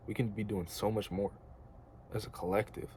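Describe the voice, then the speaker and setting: Low, mellow-voiced young man rambling earnestly. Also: flat delivery, normal speed, slight background noise. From United States. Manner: earnest, rambling, slangy with filler words. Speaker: vlogger. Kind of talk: casual spiritual monologue.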